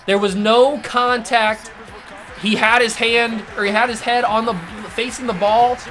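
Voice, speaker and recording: A man hosting a gaming channel, ranting furiously through live gameplay commentary, swinging from shouts to low mutters. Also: flat delivery, measured pace, noisy background.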